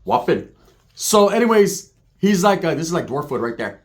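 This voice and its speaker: Animated, profane man telling a story. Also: high-pitched, moderate pace. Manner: profane, animated, acts out quotes. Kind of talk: casual comic storytelling.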